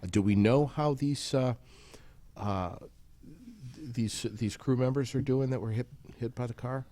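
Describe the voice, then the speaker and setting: A man hosting a casual talk show, easygoing and asking questions with halting restarts. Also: mid-range voice, dark tone.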